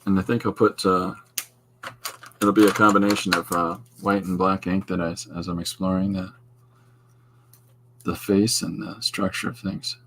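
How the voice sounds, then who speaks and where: Low-ish voiced canadian dad type rambling while he sketches, keeps restarting sentences. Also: little pitch movement, moderate pace, pauses often, fairly bright tone, slight background noise. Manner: meandering, digressive, with many restarts. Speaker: podcast host and artist. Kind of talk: casual rambling talk while drawing.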